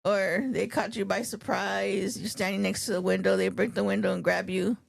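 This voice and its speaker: Gravelly-voiced woman on a podcast. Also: medium pitch, little pitch movement, moderate pace, no echo. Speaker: podcast co-host. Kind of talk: casual movie review chat.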